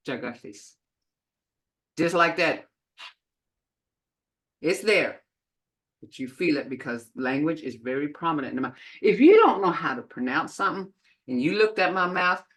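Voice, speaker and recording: A woman teaching a beginner language class over a video call, slowly sounding out each syllable for her students. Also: low voice. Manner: slow, deliberate, sounding out syllables.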